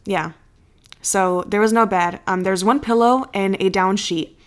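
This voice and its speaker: A young woman co-hosting a podcast, telling a story in a casual, animated way, swearing freely and acting out the voices of the people in it. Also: medium pitch, measured pace. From United States. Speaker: podcast co-host.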